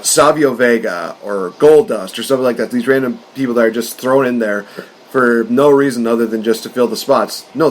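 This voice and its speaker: Guy chatting on a podcast, excitable, rambles and laughs a lot, average voice. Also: medium pitch. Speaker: podcast co-host. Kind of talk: casual wrestling chat.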